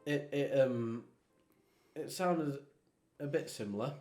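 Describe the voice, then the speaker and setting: A young man in his twenties with an English accent, co-hosting with deadpan teasing remarks. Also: medium pitch, slow, soft background music. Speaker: streamer co-host. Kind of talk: casual chat.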